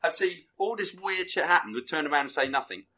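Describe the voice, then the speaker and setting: A man in casual chat, rambling excitedly through a film plot with bursts of laughter. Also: on the high side, fast talker. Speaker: film reviewer guest.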